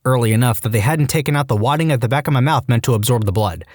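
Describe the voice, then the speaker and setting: A man's voice: medium pitch, very fast, no room sound, studio quality. A man narrating online stories in a scripted way, acting out the quoted lines in different voices. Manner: lively, acts out quoted lines in shifting voices.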